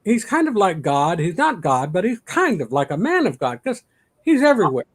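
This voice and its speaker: A man's voice: sits high, wildly swooping pitch, moderate pace. Joking male livestream host from Chicago. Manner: jokey, teasing banter. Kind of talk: casual chat.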